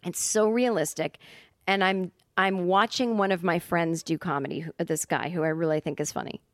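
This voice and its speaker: A woman comedian spins a casual, rambling story as a podcast guest. She circles back with fillers and self-corrections. Her voice sits a little low and the sound is dry and close. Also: steady tone, normal speed, dry recording.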